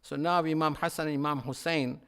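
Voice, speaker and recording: A man's voice: fairly high pitch, steady tone, brisk, fairly bright tone, clean tone. A male preacher giving a mourning sermon, telling the story with passion and often repeating phrases.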